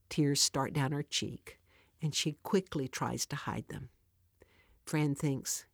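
A woman's voice: rumbling low, takes it slowly, husky, no room sound, studio quality. A woman giving an earnest devotional talk, telling a story and speaking directly to the listener.

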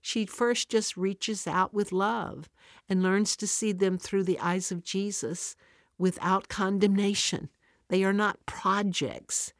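A woman's voice: lowish voice, no room sound, studio quality. A woman giving an earnest devotional talk, telling a story and speaking directly to the listener.

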